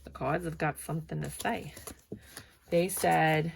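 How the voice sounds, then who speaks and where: Woman reading tarot to camera, low pitched, talky and emphatic, kinda cheerleader-ish. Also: fairly even intonation, moderate pace, vocal fry, a little hiss or hum. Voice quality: speech she calls cheerleader-like. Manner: chatty, emphatic, talks to viewers directly. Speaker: tarot reader.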